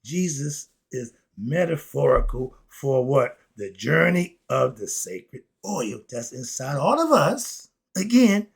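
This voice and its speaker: A man lecturing about spirituality, asking and answering his own questions, with quiet asides and loud excited bursts. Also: medium pitch, slow pace, gravelly, hardly any pauses, slightly rough. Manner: preachy, talks straight at the audience, asks and answers his own questions. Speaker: host.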